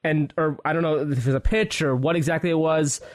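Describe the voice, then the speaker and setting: A man in casual podcast chat, chiming in with quick, jokey remarks. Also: a little high, steady tone. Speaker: podcast co-host.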